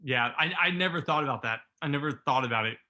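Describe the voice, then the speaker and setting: Bright-voiced rambling podcast man. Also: a little high, quick pace. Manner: rambling, thinks aloud with many "like"s. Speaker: podcast co-host. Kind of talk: casual movie review chat.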